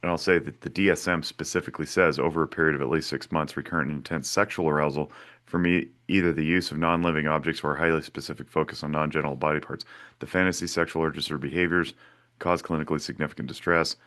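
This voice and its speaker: A man's voice: a bass voice, fairly even intonation, fast, a bit bright. A man hosting a podcast interview over a video call, asking loose, rambling questions full of restarts. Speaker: podcast host. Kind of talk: casual interview chat.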